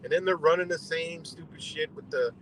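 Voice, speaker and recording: A man's voice: a little high, fairly even intonation, a little fast, fairly bright tone, slight background noise, rough recording. A man hosting a live stream, ranting bluntly and exasperatedly with heavy swearing. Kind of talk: profane ranting commentary.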